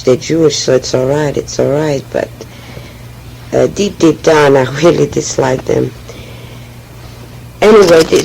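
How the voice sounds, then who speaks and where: Halting, gravelly woman with a French accent. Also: low-pitched, warm tone, a little hiss or hum, low-quality recording. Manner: hesitant, halting, with frequent restarts. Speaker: memoir speaker. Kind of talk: personal oral history monologue.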